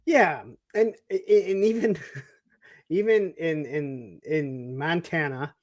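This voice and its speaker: A man from the Detroit suburbs co-hosting a casual TV recap, telling the story in an animated way and acting out the characters' lines. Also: a little high, slow pace, no echo. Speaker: podcast co-host.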